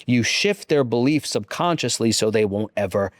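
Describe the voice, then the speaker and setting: Animated young man telling a story. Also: medium pitch, moderate pace, dry recording, studio quality. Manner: dramatic vocal variety, acts out dialogue; frequent stops to explain. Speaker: podcast booking coach. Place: small room.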